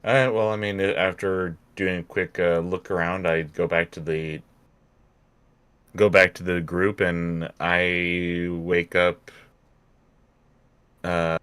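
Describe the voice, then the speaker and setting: A man playing a tabletop game, relaxed as he describes his character's actions. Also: sits low, takes it slowly, long pauses, clean tone, dry recording. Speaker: player. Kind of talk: casual tabletop play.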